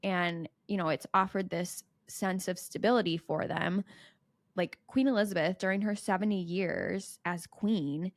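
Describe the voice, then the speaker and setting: A young American woman co-hosting a podcast, explaining her views in a measured, conversational way. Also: on the low side, no echo, clean studio sound. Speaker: podcast co-host. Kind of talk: casual chat.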